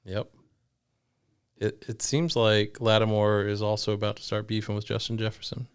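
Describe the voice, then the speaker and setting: A man co-hosting a podcast in casual, laid-back chat, tossing in quick agreeing remarks. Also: lowish voice, flat delivery, clear, resonant tone. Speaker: podcast co-host.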